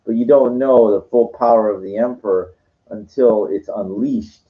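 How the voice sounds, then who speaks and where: A man's voice: on the low side, moderate pace. A tired, sugar-hyped man rambling in a casual monologue, full of stuttering restarts and swearing, on a dull lo-fi recording. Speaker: channel host.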